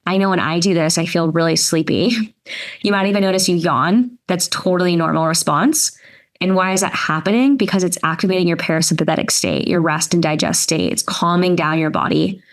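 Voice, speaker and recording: A woman leading a health workshop and coaching listeners through a slow exercise. She speaks gently and in plain steps, with casual fillers and restarts, at an ordinary middle pitch. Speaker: nutrition workshop presenter. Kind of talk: guided exercise instruction.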